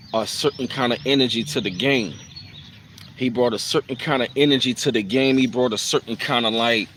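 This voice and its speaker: A man's voice: medium pitch, fairly bright tone, a little hiss or hum. A man hosting a casual live stream, speaking in a loose, reflective way with plenty of fillers and repeated phrases.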